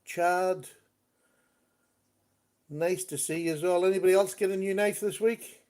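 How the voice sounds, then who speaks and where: A chatty man hosting a relaxed live stream, with a voice pitched a little high for a man. He talks easily and greets viewers by name between his thoughts. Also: measured pace. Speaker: livestream host. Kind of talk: casual live-stream chat.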